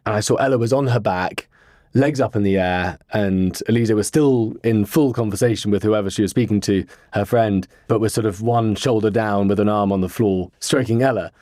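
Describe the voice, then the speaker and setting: A man guest on a podcast, earnestly telling a personal story in a rambling way with pauses and fillers. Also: on the low side, mellow, no echo, studio quality. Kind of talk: casual interview storytelling.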